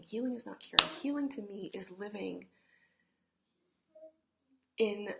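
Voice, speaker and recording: A woman's voice: mid-range voice, gravelly, pushed and bright. A middle-aged woman teaching in a frank, emphatic way, swearing freely and sometimes dropping to a whisper, speaking at a table at home. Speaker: healing teacher. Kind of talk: casual spoken teaching. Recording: echoey room with faint noise.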